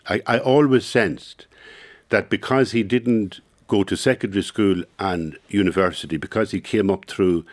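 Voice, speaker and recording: An Irish man speaking as an interview guest in a studio, thoughtful and halting, often repeating words as he reflects. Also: deep voice. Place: radio studio.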